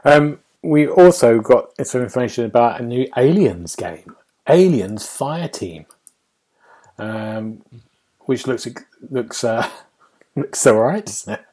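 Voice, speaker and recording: A man's voice: medium pitch, lively intonation, slow, dark tone. A man hosting a casual games podcast, talking in a wry, musing way that often trails off. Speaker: podcast host and game reviewer.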